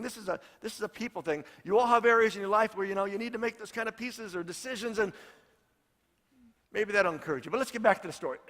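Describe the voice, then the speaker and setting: A man's voice: high voice, sharp tone, in a large hall. A man, a pastor, preaching a sermon in a storytelling way and repeating his points for emphasis.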